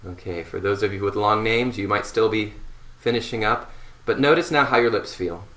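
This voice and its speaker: A man teaching a seated voice warmup, giving slow, calm instructions between long sustained hums. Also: on the low side. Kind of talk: guided voice warmup. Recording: roomy echo.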